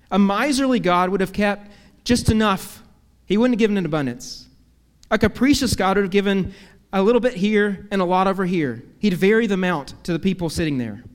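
High-voiced preacher in a reverberant hall. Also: male voice. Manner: earnest preaching with rhetorical questions and cascading lists. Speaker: pastor. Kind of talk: sermon.

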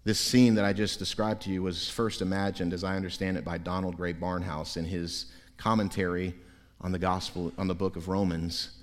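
A man preaching a sermon as pastor, telling the story dramatically and swinging between loud passages and hushed ones. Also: sits low, flat delivery, normal speed. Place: church sanctuary. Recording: long reverb of a large hall.

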